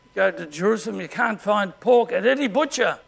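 An Australian man preaching a sermon as pastor, in a conversational way and often clearing his throat. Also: sits high, lively intonation, fairly quick.

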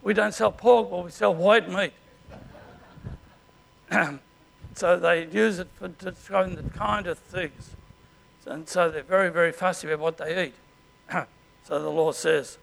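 An Australian man preaching a sermon as pastor, in a conversational way and often clearing his throat. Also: sits high, fairly even intonation, measured pace, pauses often, a bit bright, a little hiss or hum.

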